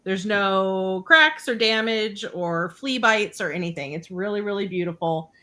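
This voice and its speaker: Woman showing off vintage stuff on a live sale, bright tone, easygoing ramble. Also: mid-range voice, a little slow. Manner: easygoing, rambling product talk. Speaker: guest seller. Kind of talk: live sale item presentation.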